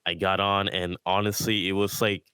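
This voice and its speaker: A man with a very low voice recounts his story in a relaxed, rambling way, full of "like" and "um". The sound is dry and close, with no room around it. He talks as a guest in a casual podcast conversation. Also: moderate pace, clear, resonant tone, no room sound. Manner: laid-back storytelling with many fillers and laughs. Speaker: guest, VR rave DJ.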